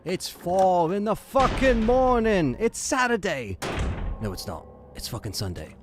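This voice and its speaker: A man doing a mock British accent to quote lines from a film, shouting them angrily with swearing. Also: fairly low pitch, a little fast, a little hiss or hum, natural voice. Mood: furious. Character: put-on British film cop quoting lines, angry.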